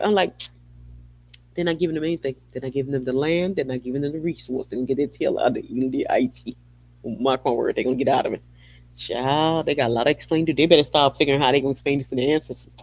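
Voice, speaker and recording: A woman's voice: low-pitched, husky, no echo. Mocking woman podcaster on a dull recording. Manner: mocking, laughing, repeats herself. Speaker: podcast host. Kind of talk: casual monologue.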